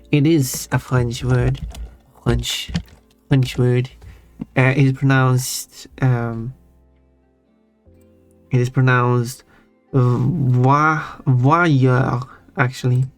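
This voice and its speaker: A man's voice: medium pitch, little pitch movement, very slow, pauses often. A man streaming live, chatting casually and teasingly with his chat and chuckling often. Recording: faint music under voice. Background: soft background music.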